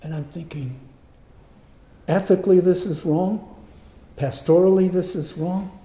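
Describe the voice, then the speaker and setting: Earnest preacher with a mellow voice. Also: male voice, high-pitched, measured pace. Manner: earnest, animated storytelling. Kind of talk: personal story told in a sermon. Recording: roomy echo.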